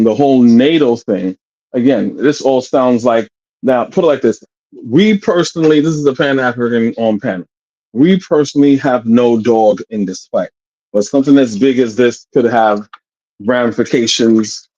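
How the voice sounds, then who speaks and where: Brief: man, blunt ranting panelist, mid-pitched, muffled lo-fi call audio. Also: darkish tone. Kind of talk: heated livestream panel talk.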